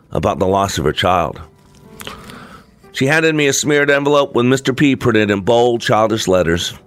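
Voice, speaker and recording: A man reading a first-person story aloud in a reflective, earnest manner. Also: fairly low pitch. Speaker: narrator.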